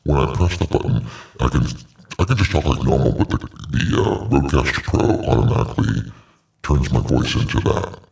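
A man talking through a voice-disguise effect that turns him into a deep monster voice. He talks in a chatty, halting way. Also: animated, gravelly, darkish tone, roomy sound, recorded from a distance, full character voice. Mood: flat. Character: gravelly male monster voice. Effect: deep voice-disguise filter.

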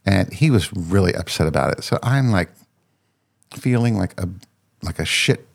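Low gravelly man telling a rambling story. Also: lively intonation, moderate pace. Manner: rambling, with frequent restarts. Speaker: podcast host. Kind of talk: casual solo storytelling.

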